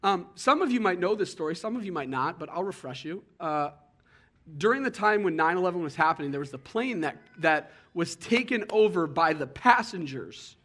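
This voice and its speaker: A young adult man preaching a sermon in an earnest, conversational way, sometimes halting over his words. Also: high voice, expressive, a bit bright. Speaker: pastor.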